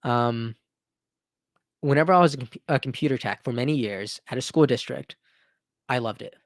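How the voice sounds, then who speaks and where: A man's voice: medium pitch, moderate pace, no room sound, clean studio sound. A man in his thirties hosting a casual live stream and answering viewer questions, earnest and enthusiastic, often restarting phrases and adding "right?". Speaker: livestream host.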